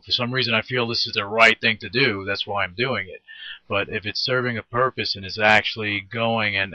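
A man's voice: fairly low pitch, no room sound, muffled recording. A man hosting an interview show, talking in an earnest, rambling and encouraging way. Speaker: podcast host. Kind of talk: casual interview chat.

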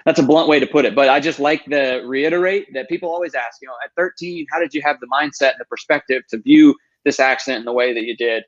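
An earnest man in his thirties tells his story as a guest, in a voice of middling pitch. He pushes his points with emphasis and often acts out his own past words. The sound is somewhat dull and lo-fi. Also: fast, few pauses. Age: 30s. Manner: earnest and emphatic, quoting himself. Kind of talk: storytelling interview.

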